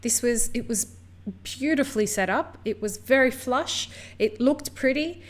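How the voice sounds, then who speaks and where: A woman from the US hosting a podcast, telling stories in a lively, chatty way. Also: a little high, measured pace. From United States. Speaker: podcast host. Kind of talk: casual conversation.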